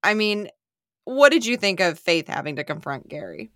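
Bright, lively woman podcast co-host. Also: lowish voice, moderate pace, no echo, clean studio sound. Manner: animated, reactive, chatty. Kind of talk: casual recap chat.

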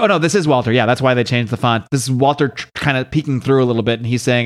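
A man hosting a podcast, recapping a comic book in a casual, animated way and slowing down for dramatic quotes. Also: mid-range voice. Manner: animated, reads out quotes with slow dramatic emphasis. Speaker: podcast host.

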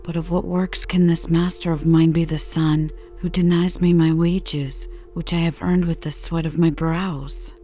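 An aggrieved young farm boy protesting his lot, as a woman reads him. The delivery is soft and mellow, a bedtime reading. The recording is slightly dull, with faint music behind. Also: low-pitched, level tone, unhurried, hardly any pauses. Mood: pleading. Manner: pleading, protesting. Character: aggrieved fifteen-year-old farm boy.

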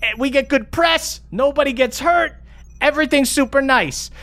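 A man's voice: normal speed, sharp tone, exaggerated voice. A man voicing a foul-mouthed, frazzled woman inventor in a tabletop role-play, talking in a flustered ramble. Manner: high-pitched, cursing, flustered rambling.

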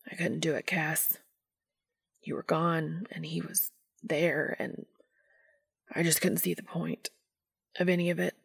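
A gruff, guilt-ridden man, as a woman reads him aloud, talking in a hushed, strained near-whisper. The voice is slow and deeply gravelly, with a husky, breathy edge. The sound is dry and close. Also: steady tone, dry recording, exaggerated voice. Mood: confessing.

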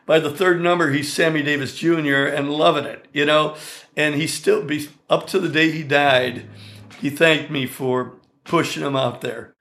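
An older man from the Chicago area, a songwriter and guitarist, telling stories in an interview in a chatty, animated way with many asides. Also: fairly high pitch, normal speed. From Chicago area, USA. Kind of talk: storytelling interview.

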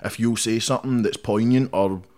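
A man's voice: fairly low pitch, steady tone, fairly quick, darkish tone. A young Scottish man, a rapper guest in a casual interview, talking bluntly and defiantly with heavy swearing and constant "mate". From Scotland.

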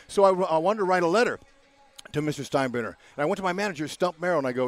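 An older man from California, a guest on a baseball talk show, talks in a fairly high voice for a man. He spins long, excitable stories and performs every character in them. Filler words like "man" punctuate his lines. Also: racing. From California, USA. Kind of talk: animated storytelling interview.

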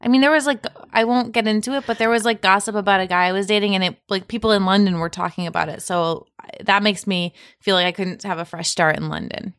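Breezy, animated woman podcast co-host. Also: medium pitch, fast talker, hardly any pauses, no room sound, clean studio sound. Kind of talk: casual chat.

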